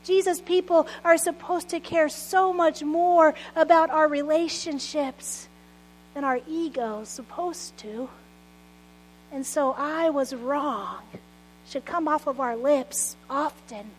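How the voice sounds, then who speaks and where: A woman pastor in her late thirties with a bright, high-pitched voice preaches earnestly. She mixes prayer with personal stories and soft laughs. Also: takes it slowly, a little hiss or hum, low-quality recording. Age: 30s. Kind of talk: sermon.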